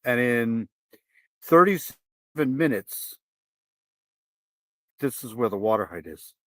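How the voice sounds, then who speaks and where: A man's voice: medium pitch, sing-song, takes it slowly, sharp tone, dry recording. A man hosts a live reaction stream and keeps breaking into exclamations and the odd curse. He lets out nervous laughs between remarks. His voice sits close and dry, with no room sound around it.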